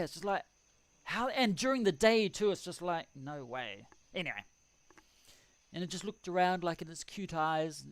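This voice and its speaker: A man's voice: sits high, a bit bright, dry recording. A man hosting a casual live stream at home, rambling, chuckling and reading out the chat in a self-deprecating way. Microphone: desk microphone.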